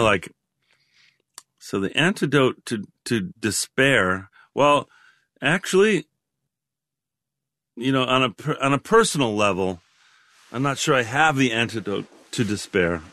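A man in his sixties, a guest in a reflective interview, talking in a halting, rambling way with many restarts. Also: mid-range voice, expressive, sharp tone, dry recording, studio quality. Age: 60s.

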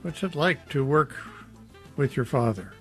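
A man's voice: medium pitch, a little slow, faint music behind. A man hosting an interview, polite and formal. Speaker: radio host.

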